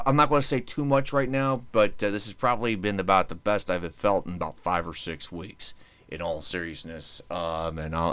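A man's voice: deep voice, fairly bright tone, smooth, no room sound. A man hosting his own podcast in casual chat, rambling and joking as he restarts his sentences. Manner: rambling, self-interrupting, joking. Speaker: podcast host.

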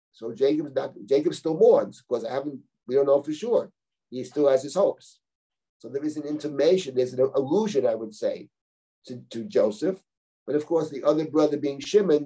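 A male rabbi teaching a live Bible class, reading verses slowly and then explaining them step by step. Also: medium pitch, mellow, far from the mic, poor audio. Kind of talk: live lecture, close textual reading.

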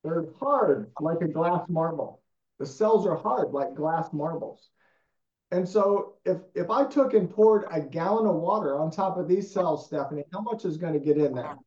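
A man, a guest, telling stories in conversation in an emphatic, animated way. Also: on the high side, moderate pace. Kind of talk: enthusiastic storytelling in conversation. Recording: echoey, dull lo-fi sound.

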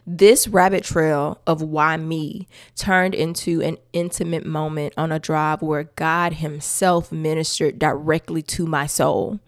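A woman sharing her faith story in a lowish, gravelly voice, talking expressively and emphatically and breaking into laughter often. Her voice sounds dry and close, with no room echo. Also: measured pace, few pauses. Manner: expressive and emphatic, with church-style asides to listeners. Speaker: podcast host sharing her testimony. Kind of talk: personal faith testimony, conversational.

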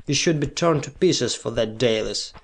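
A man reading aloud as a stern, heartsick genius from an old pulp storybook, holding his anger in with grave restraint. The voice sits at an ordinary middle pitch. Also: moderate pace, natural voice. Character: stern, lovesick young-seeming male genius.

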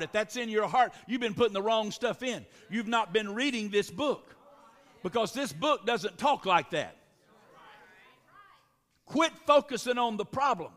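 A man's voice: high-pitched, a bit bright. A man preaching a sermon as pastor, exhorting the congregation with repeated calls and responses. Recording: long reverb of a large hall.

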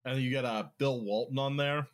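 A young man co-hosts a loose sports chat. His voice is mid-pitched and plain, and he talks bluntly, swearing freely and cracking jokes. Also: fairly even intonation, brisk. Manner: blunt, profane, joking. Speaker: podcast co-host.

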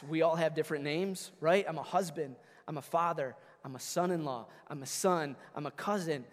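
A man in his thirties, a pastor preaching a conversational, energetic sermon and calling out to his congregation. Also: on the high side, in a large hall. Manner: energetic, conversational preaching with audience call-outs. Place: church sanctuary.

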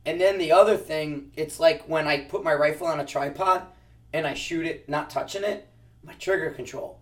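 A man's voice: fairly high pitch, normal speed, recorded from a distance. A man who teaches precision rifle shooting, answering interview questions casually and explaining with practical analogies, often restarting his sentences.

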